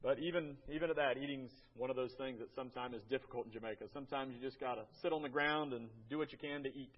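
An American man giving a church slideshow talk about a mission trip, folksy and halting, often repeating his words. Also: medium pitch, muffled recording. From United States.

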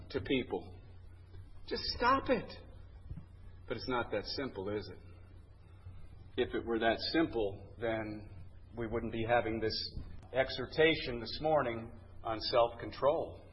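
A man's voice: medium pitch, animated, unhurried, lo-fi sound, slight background noise. A man teaching a Bible lesson in a conversational, candid way, telling anecdotes.

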